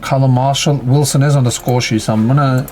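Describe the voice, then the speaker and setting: A man's voice: medium pitch, fairly even intonation, fairly quick, darkish tone. A man giving casual, chatty commentary on a football management game, reacting to each play and calling out his players.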